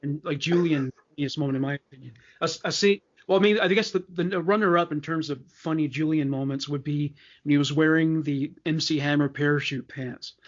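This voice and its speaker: Higher-voiced man in hesitant fan chat. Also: a little fast, few pauses, lo-fi sound. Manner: hesitant, many fillers and restarts. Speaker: podcast co-host.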